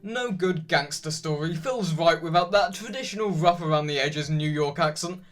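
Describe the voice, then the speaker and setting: A man's voice: fairly high pitch, moderate pace. Chatty young man, raised voice. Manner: chatty, opinionated rambling. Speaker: YouTube video essayist. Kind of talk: scripted video essay narration.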